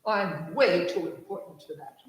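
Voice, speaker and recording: A woman's voice: on the low side, unhurried, pitched below the performer's own voice, natural voice. A woman voicing a pompous, haughty male train engine in a children's story read aloud in an echoey church hall. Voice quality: haughty, dismissive.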